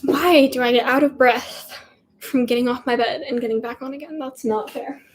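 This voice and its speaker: A woman's voice: sits high, steady tone, normal speed. A teenage girl rambling in a giggly, chatty way while answering viewer questions on a casual livestream. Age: teens. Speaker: livestream host. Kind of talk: casual live Q&A chat.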